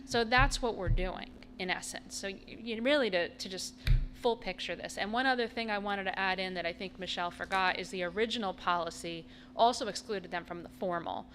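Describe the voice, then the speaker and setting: A woman speaks as a mother in a school board meeting, her pitch sitting in the middle of the range. Her delivery is conversational and personal, earnest rather than formal, with light room noise in the background. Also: fairly quick, a bit bright. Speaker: parent speaking at public comment.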